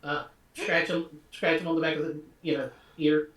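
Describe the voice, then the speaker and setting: A man's voice: fairly high pitch, steady tone, moderate pace, fairly bright tone, reverberant, recorded from a distance. A man playing a tabletop game, talking eagerly and tripping over his restarts. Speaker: player. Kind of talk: tabletop role-play chat.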